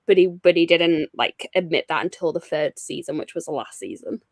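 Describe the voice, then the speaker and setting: A woman on a video call, calmly summing up a teen show's plot in casual chat. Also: low voice, brisk, dry recording, studio quality.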